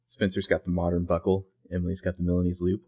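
A man's voice: deep voice, completely flat delivery, fast, warm tone, slightly rough. A man co-hosting a podcast, narrating TV scenes in a dry, playful, detailed way. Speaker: podcast co-host. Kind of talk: casual recap chat.

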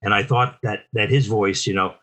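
An older man from New Jersey, a guest telling stories in a casual, animated interview with frequent restarts. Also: on the low side, moderate pace.

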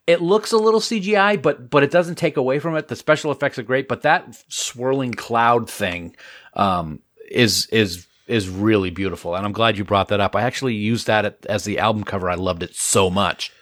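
A man co-hosts a podcast in a loose, playful way, chatting about an episode and tossing in silly asides. His voice sits in a middle pitch. The recording is very dry and close. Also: fairly bright tone, no echo. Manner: playful, jokey, makes silly sound effects. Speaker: podcast co-host. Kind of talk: casual chat and read sponsor ad.

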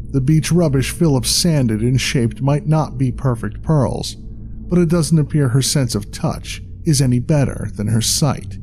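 A man narrating a dark tale in a measured, dramatic scripted reading. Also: mid-range voice.

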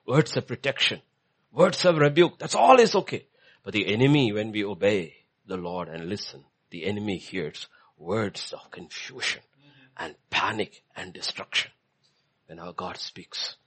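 A male preacher giving a sermon, swinging between hushed lines and loud emphatic ones. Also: fairly low pitch.

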